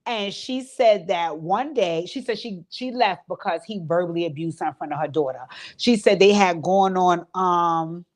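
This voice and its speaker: A woman's voice: lowish voice, moderate pace. A woman hosting her own channel, casually retelling an interview in an informal, storytelling way. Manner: chatty storytelling, relays what others said; informal speech with many fillers. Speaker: host recapping an interview. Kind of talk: casual recap commentary.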